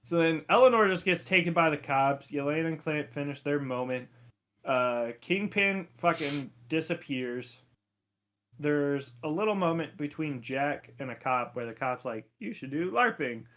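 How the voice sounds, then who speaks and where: A man's voice: a little high, moderate pace, a bit bright. A man co-hosting a podcast, recapping an episode in casual, profane chat and laughing a lot. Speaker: podcast co-host.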